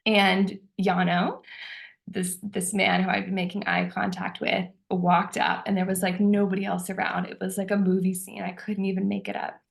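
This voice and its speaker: A woman's voice: medium pitch, level tone, moderate pace, creaky. A woman telling a personal story in a casual, chatty way, with many filler words, frequent laughter and acted-out dialogue. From United States.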